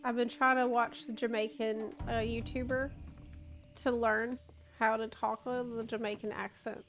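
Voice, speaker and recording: Woman streamer in her 30s, high voice, unhurried, laughs often and swears casually, faint game music underneath. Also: little pitch movement. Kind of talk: casual live-stream chat while gaming.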